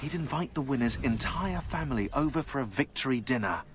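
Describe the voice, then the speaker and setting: An actor playing a wry video game narrator with a mid-pitched voice. He delivers the database entry in a dry, sardonic tone, scripted and polished. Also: animated, brisk, a little hiss or hum, natural voice.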